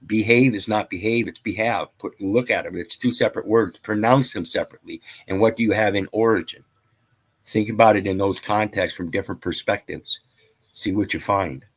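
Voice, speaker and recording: Man, low voice, rambling, preachy, casual lecture, reads statutes and scripture. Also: a little fast. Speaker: channel host. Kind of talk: casual lecture reading from legal texts.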